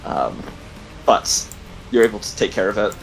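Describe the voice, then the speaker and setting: Halting male game master. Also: on the low side, lively intonation, creaky, faint music behind, low-quality recording. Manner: halting, many ums and likes. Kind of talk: narrating a tabletop game.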